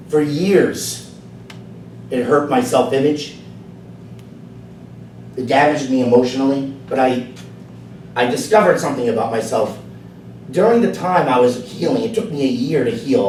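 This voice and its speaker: A man giving a prepared personal speech at a club meeting, telling his story earnestly, going soft at times and then building to emphatic lines. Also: mid-range voice. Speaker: club speaker. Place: meeting room. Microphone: far camera. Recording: echoey room from far off, faint noise.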